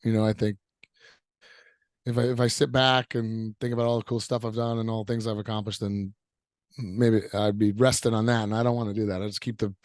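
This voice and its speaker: A man's voice: fairly low pitch, flat delivery, a little fast, darkish tone, no room sound, clean studio sound. A man in his thirties, a wrestler answering interview questions in an upbeat, easygoing way, rambling a little with fillers. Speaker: professional wrestler guest.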